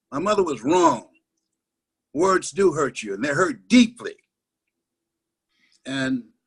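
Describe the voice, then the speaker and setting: A man giving a guest interview as a motivational speaker, telling stories dramatically, with loud emphatic repeats that sink to a hushed hush, heard over a video call. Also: medium pitch, vocal fry, breathy edge. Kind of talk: emotional motivational storytelling.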